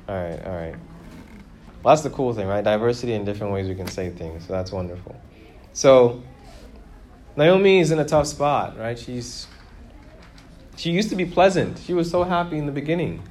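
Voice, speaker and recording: A man preaching a sermon, who asks his listeners questions and grows louder and higher when he makes a point. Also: a little hiss or hum. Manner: lively, rises in pitch and volume for emphasis, asks the congregation questions.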